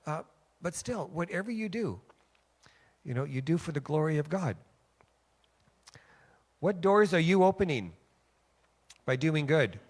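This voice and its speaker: Man preaching a casual storytelling sermon. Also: mid-range voice. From Western Canada. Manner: conversational, animated when quoting others, frequent "okay?". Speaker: guest preacher. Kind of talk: sermon with personal stories. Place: church sanctuary.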